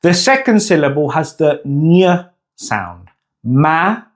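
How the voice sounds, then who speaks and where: Man teaching with a lively, slow voice. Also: fairly high pitch. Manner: clear, deliberate, drawing out example words slowly. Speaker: language teacher. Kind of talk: scripted pronunciation lesson.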